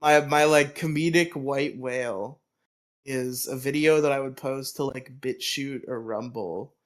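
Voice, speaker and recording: A man co-hosting a podcast in casual chat, riffing in a rambling, profane, animated way. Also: medium pitch, a little slow. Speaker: podcast co-host.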